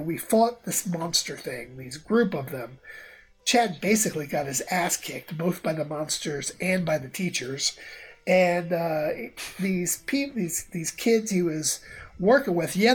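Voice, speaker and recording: A woman's voice: fairly low pitch, breathy edge. A woman player casually explaining her character's plans in a tabletop role-playing game.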